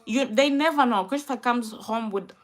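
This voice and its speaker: A woman's voice: fairly high pitch, moderate pace. A young woman vlogger, upset and close to tears, venting to her viewers in an emotional chat.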